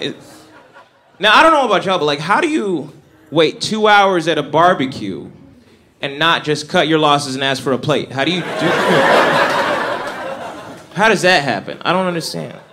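A young man works a comedy club stage in a loose, wry, conversational set, chuckling at his own lines. He speaks at a middling pitch into a handheld mic. The audience and room noise are clearly heard around him. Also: a bit bright. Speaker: stand-up comedian. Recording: live club recording with crowd and noise. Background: audience laughter.

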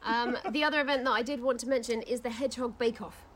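An English woman co-hosting a community radio show in casual chat, tipsy, chatty and quick to giggle. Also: on the high side, fairly even intonation, fairly bright tone. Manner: chatty and giggly, easily laughing.

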